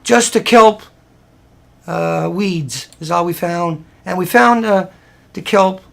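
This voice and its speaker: A man's voice: high-pitched, slow, gravelly. A man talking casually over a slideshow of photos, rambling in a plain-spoken way and often restarting his sentences. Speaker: presenter walking viewers through photos.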